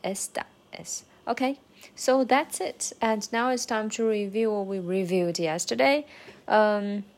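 A woman's voice: medium pitch, measured pace. A woman whose first language is Mandarin Chinese, keeping a casual spoken diary of her language study, hesitant with many fillers, sounding out practice phrases carefully.

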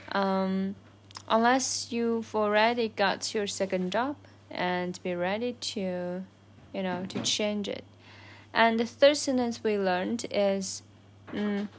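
A woman whose first language is Chinese gives a casual spoken lesson on everyday phrases, pausing often with fillers and correcting herself. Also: mid-range voice. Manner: thoughtful, many fillers and self-corrections. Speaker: language learner sharing lessons.

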